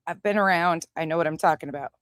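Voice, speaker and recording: A young woman from Montana, a livestream host chatting casually with viewers and telling a story in a profane, animated way. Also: low voice, quick pace, no room sound, clean studio sound. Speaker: livestream host reading chat.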